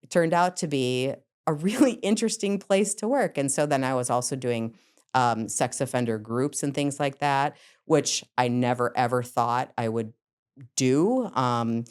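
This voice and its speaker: A woman's voice: rumbling low, a little slow, smooth. A middle-aged woman, a psychotherapist, telling stories from her career in a podcast interview, acting out scenes and laughing often. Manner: lively storyteller, acts out scenes, laughs often. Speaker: psychotherapist guest.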